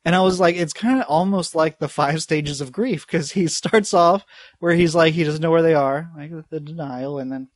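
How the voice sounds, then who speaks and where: Giggly man, fairly high voice. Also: moderate pace, no room sound, clean studio sound. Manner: rambling, giggly, does silly voices. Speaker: podcast guest. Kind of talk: casual movie podcast chat.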